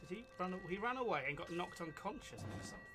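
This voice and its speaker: A male streamer who giggles and rambles as he plays, his voice sitting a touch above the usual for a man. Game music runs clearly under everything he says, in a loose live-stream chat. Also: sits high, sing-song, quick pace. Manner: giggly, rambling commentary on his own play.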